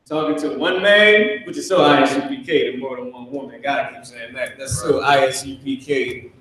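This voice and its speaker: A man teaches a live online Hebrew class from a classroom with a whiteboard, loose, jokey and slangy, acting out kids' voices for laughs. His mid-range, fairly bright voice moves at a moderate pace, picked up by a distant mic in an echoey room with a little hiss or hum.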